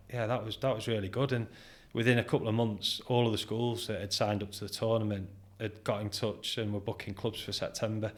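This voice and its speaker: A British man in his forties, a guest on a podcast, recounts his start in business in a relaxed, chatty way. His voice sits fairly low, and he slips into quoted dialogue as he tells his stories, breaking into laughter along the way. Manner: animated anecdote-telling, acts out quoted dialogue, laughs often. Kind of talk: casual interview storytelling.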